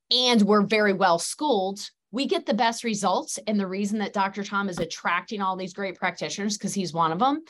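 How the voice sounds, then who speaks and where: A middle-aged woman, a guest practitioner in an interview, speaking earnestly in long, flowing, emphatic sentences. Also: mid-range voice. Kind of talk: conversational interview.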